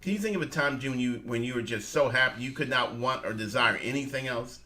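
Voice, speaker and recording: A man's voice: mid-range voice, a little fast, pushed and bright. A man co-hosting a casual morning show, upbeat, laughing often and calling his listeners family. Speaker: co-host.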